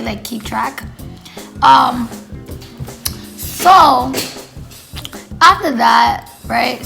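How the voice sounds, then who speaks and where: Her voice is fairly high, gravelly, and fairly bright. She's a storytime vlogger telling a casual, rambling tale heavy on fillers, acting out what people said.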